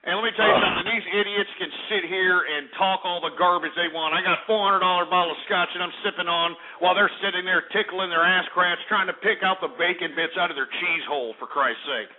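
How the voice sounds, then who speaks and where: A man's voice: high-pitched, quick pace, few pauses, slight background noise. A man hosting a talk radio show, ranting in an angry, profane, sarcastic way. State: out of breath. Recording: tinny phone-like radio recording.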